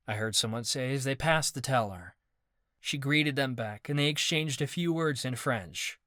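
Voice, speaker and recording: A man narrating a first-person fantasy audiobook in a steady, measured way. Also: mid-range voice, no echo, studio quality.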